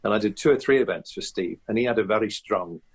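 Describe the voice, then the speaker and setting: A man's voice: fairly low pitch, fast, breathy edge. A man guest on a podcast, chatting reflectively with frequent restarts and fillers. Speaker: guest impressionist. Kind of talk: casual podcast interview.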